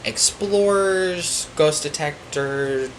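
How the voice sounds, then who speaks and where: A man from Florida, a psychic medium guest on a casual podcast, rambling through a story with many pauses and restarts. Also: fairly high pitch, slight background noise, rough recording. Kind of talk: casual chat.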